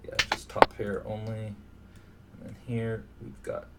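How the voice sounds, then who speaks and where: Male poker streamer, low gravelly voice, muttering live commentary; distant mic, noisy room. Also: unhurried. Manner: mutters to himself, thinking aloud. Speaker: online poker player. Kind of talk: live commentary on his own poker session. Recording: distant mic with steady background noise.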